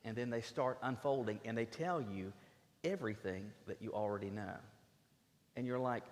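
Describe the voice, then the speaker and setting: A man preaching a sermon as a pastor, emphatic and earnest, often stumbling into quick restarts as he drives his points home. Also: mid-range voice. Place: church sanctuary. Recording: long reverb of a church sanctuary.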